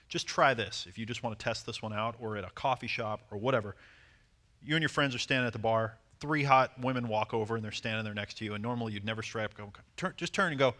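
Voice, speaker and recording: A man coaching a seminar audience on dating, animated and acting out short bits of dialogue. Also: medium pitch. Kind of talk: seminar talk to a live audience.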